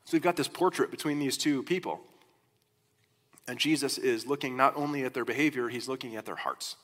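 Male pastor, sermon, chatty storytelling delivery, mid-pitched voice, reverberant church hall. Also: a little fast. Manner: conversational, animated storytelling. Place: church sanctuary.

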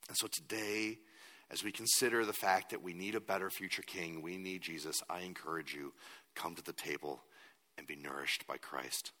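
Deep-voiced pastor preaching in a hall. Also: male voice, steady tone, normal speed, bright, forceful tone. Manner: earnest, builds to emphatic. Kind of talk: sermon.

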